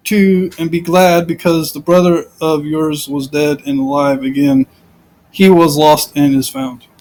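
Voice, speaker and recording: A man's voice: a little high, a little mellow, poor audio. A man giving informal, rambling commentary on scripture, repeating himself and piling up rhetorical questions. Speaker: Bible commentator.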